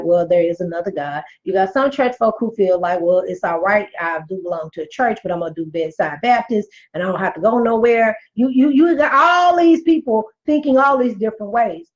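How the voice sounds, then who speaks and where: A woman in her forties hosting a live show, telling candid stories with emphatic, preachy talk and reading viewer comments aloud. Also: on the high side. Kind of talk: candid storytelling monologue to viewers. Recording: muffled lo-fi recording.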